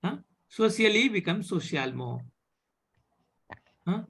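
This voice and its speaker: Guy teaching a french class online, lots of ums, husky and slow. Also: high-pitched, very animated, fairly bright tone. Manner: halting, many fillers and restarts, checks in with "okay?". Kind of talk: live online language class.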